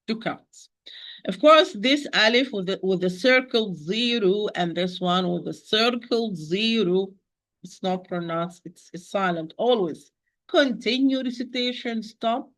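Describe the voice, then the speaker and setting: A woman gives a tajweed pronunciation lesson in a mid-pitched voice. She works through the sounds methodically, demonstrating each syllable in turn. Her corrections are patient and gentle. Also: takes it slowly. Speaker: Quran recitation teacher.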